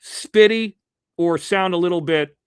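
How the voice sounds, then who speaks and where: A man with a fairly high voice hosts his own livestream news show, drifting from story to story and arguing straight at his critics. His words come through a little muffled from the face mask he wears. The sound is dry and close, with no room echo. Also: a little slow, clean tone. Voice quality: slightly muffled from wearing a mask. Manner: rambling, combative, talks to chat and critics directly. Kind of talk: casual livestream commentary.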